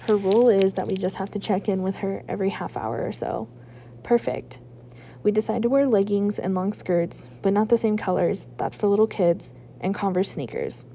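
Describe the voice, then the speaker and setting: A woman, a school librarian, reading a chapter book aloud in a lively first-person narration with hushed asides. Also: medium pitch, a little hiss or hum.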